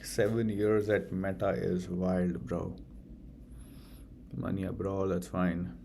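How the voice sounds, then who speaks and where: A man's voice: deep voice, flat delivery, slow, gravelly, warm tone, a little hiss or hum. A young man with an Indian accent streaming his study session, muttering distractedly, swearing casually and calling everyone bro. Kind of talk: casual live-stream chatter.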